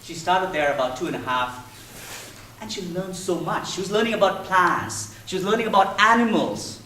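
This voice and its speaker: A man in his thirties tells a story in a prepared speech, his high voice swinging lively up and down. He talks with a playful storyteller's touch. The sound is echoey and distant, with the mic set far back in a big hall. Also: normal speed, a little hiss or hum. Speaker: contest speaker.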